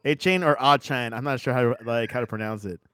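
A man hosting a casual sports chat, steering it with quick questions. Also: medium pitch, fairly even intonation, clean tone. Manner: leads topics with quick questions. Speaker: podcast host.

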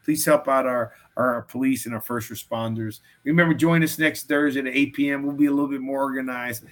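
A man's voice: mid-range voice, steady tone. A man hosting a casual sports chat over a video call, rambling with restarts. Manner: rambling, restarts, reads a quote haltingly. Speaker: podcast host.

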